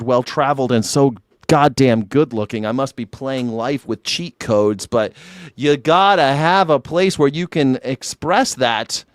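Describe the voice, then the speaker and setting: Man, livestream host, rambling casual talk, mock bragging, profane, dry close sound, mid pitch. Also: smooth, no room sound. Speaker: livestream host taking callers. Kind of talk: casual call-in chat.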